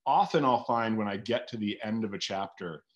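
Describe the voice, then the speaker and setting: A man's voice: fairly low pitch, fairly quick, lo-fi sound. A man, a guest author talking casually and animatedly in an interview, thinking aloud with lots of filler words.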